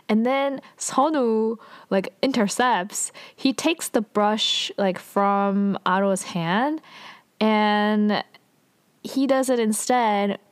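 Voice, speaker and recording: A woman's voice: mid-range voice, no echo. A woman casually recapping a drama episode, chatty and full of fillers, with exasperated asides.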